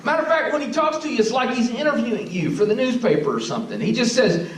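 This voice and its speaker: A man's voice: very high voice, sing-song, fast, few pauses, echoey room, distant mic, rough recording. A man preaching a sermon in a church, talking conversationally and often asking the congregation questions. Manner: conversational, asks the audience questions. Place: church sanctuary.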